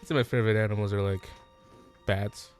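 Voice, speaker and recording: A man playing a tabletop game, deadpan and laid-back. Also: on the low side, quick pace, soft background music. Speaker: player. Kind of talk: casual tabletop role-play.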